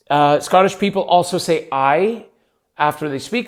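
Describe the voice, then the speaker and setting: A man's voice: on the high side, expressive, normal speed. Goofy, rambling podcast host, a man. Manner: goofy, rambling, self-amused. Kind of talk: casual solo podcast monologue.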